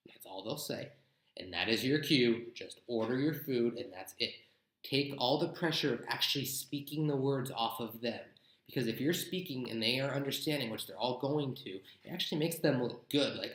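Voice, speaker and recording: A man's voice: mid-range voice, moderate pace, fairly bright tone, reverberant, low-quality recording. A young man giving blunt, chatty travel advice in a casual vlog. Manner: chatty, blunt, gives tips with mock examples. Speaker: travel vlogger.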